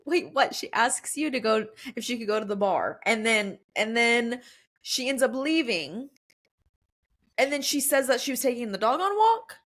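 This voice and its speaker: A woman's voice: a little high, expressive, normal speed, fairly bright tone. A young woman hosting a podcast, chatting casually and supportively, laughing often and calling her guest "girl.". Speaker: podcast host. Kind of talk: casual interview chat.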